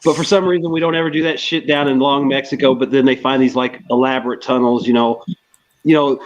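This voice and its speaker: Sarcastic man on a muffled call. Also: mid-range voice. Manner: sarcastic, loose, swears casually. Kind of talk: casual debate on a video call. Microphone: video call.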